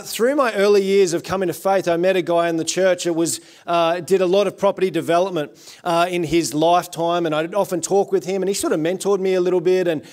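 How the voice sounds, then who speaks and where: An Australian man preaching as a guest pastor, telling his own story in an earnest, conversational way, with many fillers. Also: high voice. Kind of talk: sermon with personal testimony. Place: church service.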